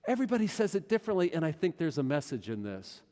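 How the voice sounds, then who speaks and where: A middle-aged male pastor preaching a sermon, swinging between loud urgency and hushed intensity. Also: on the high side, sing-song, fast. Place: large church sanctuary. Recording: long church hall reverb.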